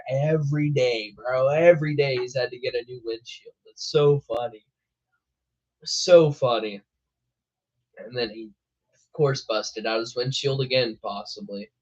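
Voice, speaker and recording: A man's voice: mid-range voice, unhurried, a little mellow, muffled recording. A young man hosting a weather show, chatting casually on a live stream, laughing often and calling people bro. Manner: laid-back, laughing, says bro a lot.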